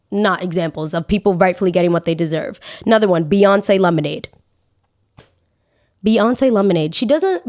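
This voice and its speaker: A young woman hosting a podcast, talking casually in an animated, dramatic and exasperated way. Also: mid-range voice. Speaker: podcast host. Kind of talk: casual opinion monologue.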